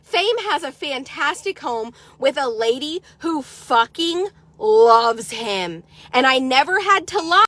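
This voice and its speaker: A middle-aged woman from the United States, ranting sarcastically in a vlog and swearing constantly, swinging from loud outbursts to low mutters. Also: expressive, takes it slowly. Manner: heavy swearing, sarcastic, combative. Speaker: horse trader vlogger.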